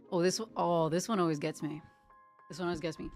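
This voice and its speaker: A woman's voice: fairly low pitch, lively intonation, measured pace, gravelly, long pauses, soft background music. A young woman chatting casually while she draws, playfully reciting tongue twisters and laughing at her slips. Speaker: art streamer. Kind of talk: casual chat while drawing.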